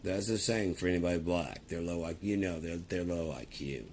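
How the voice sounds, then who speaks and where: A vlogger talks to the camera in a casual, profane, rambling rant. His low voice is brisk and a little mellow, with slight background noise.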